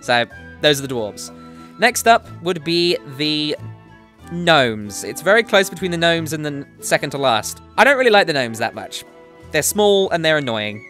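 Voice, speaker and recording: A man's voice: on the high side, big pitch swings, moderate pace, bright, forceful tone, faint music behind. A man hosting a gaming show, giving his opinions in a casual, jokey way with apologetic asides. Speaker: gaming commentary host. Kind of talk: casual solo opinion talk.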